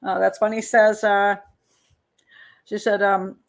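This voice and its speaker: An older woman, a criminal profiler hosting a live show, reads viewer comments in a casual, rambling way, full of fillers and little laughs. Her voice is medium in pitch and flat in delivery, and she takes her time.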